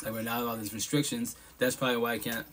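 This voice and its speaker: A man's voice: mid-range voice, level tone, fast talker, fairly bright tone. A man hosting a live podcast stream, talking bluntly and profanely in a casual monologue, with emphatic asides. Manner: blunt, profane, emphatic talk with frequent laughs.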